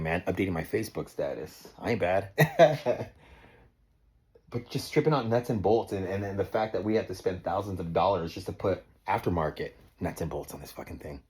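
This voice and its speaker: A man's voice: low voice, expressive, brisk, a little mellow, husky. A man in his forties, ranting in a heated, profane vlog monologue, stumbling over repeated words and tacking "man" onto his sentences. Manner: repeats and restarts words when worked up. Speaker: motorcycle owner vlogger.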